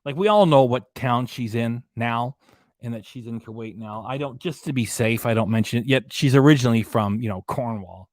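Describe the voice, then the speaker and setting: A man's voice: mid-range voice, normal speed, no echo, clean studio sound. A man from Ontario, Canada, hosting a live-stream reaction show with opinionated, rambling commentary. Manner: opinionated, gossipy, rambling asides. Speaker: reaction channel host.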